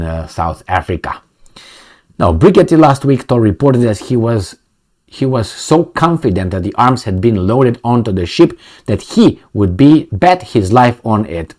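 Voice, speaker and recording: A man's voice: on the low side, darkish tone. A man in casual commentary, reading news aloud and joking sarcastically. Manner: sarcastic and joking, laughs often. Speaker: political commentary vlogger.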